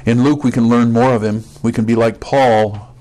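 A man's voice: mid-range voice, fairly even intonation, normal speed, dark tone, low-quality recording. Man preaching a verse-by-verse sermon. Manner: teaching, stresses key words, asks the listeners questions. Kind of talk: expository sermon.

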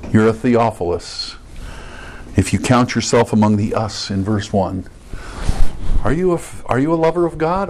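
A man's voice: mid-range voice, a little mellow, slight background noise, rough recording. A man preaching an expository sermon, stressing key words and putting questions to his listeners.

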